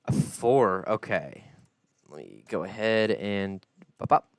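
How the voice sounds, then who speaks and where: A man with a low voice runs a tabletop session at an unhurried, easy pace. His voice is clear and close, with no room echo. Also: lively intonation. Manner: laid-back, descriptive narration. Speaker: game master. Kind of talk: narrating a tabletop game.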